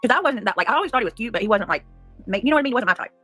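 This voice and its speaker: A woman's voice: a little high, animated, racing, fairly bright tone, no echo, soft background music. A woman in her thirties chatting casually on a livestream, rambling through a personal story, breaking off to react to chat and cussing freely. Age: 30s.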